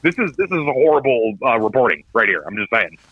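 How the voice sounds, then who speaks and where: A podcast co-host in his thirties spins a rambling, profane anecdote with a swooping, expressive delivery, slipping into the voices of everyone he quotes. The sound is dull and lo-fi. The room is dead dry. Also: mid-range voice, fast talker, breathy edge, dry recording. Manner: animated storyteller, swears a lot, acts out quoted voices. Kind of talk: casual chat.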